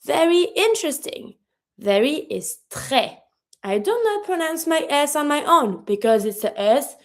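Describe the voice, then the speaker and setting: A woman, a native French speaker, teaching a pronunciation lesson in English, repeating example words slowly and patiently. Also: sits high, lively intonation. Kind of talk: language lesson explaining pronunciation.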